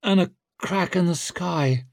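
A man voicing a dazed, feverish young woman warrior who croaks her words. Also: high-pitched, slow pace, dry recording, studio quality, voice pushed up, exaggerated voice. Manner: croaking, groggy.

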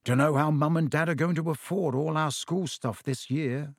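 A man's voice: on the high side, moderate pace, no echo, studio quality. A man reading the part of a glum teenage wizard boy, muttering.

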